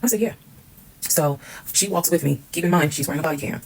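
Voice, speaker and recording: A woman tells her story at a breakneck pace, candid and emphatic and quick to swear. Her voice is gravelly with fry and has a husky, raspy edge. It sounds like a casual storytime monologue. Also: sits low, a little mellow, poor audio.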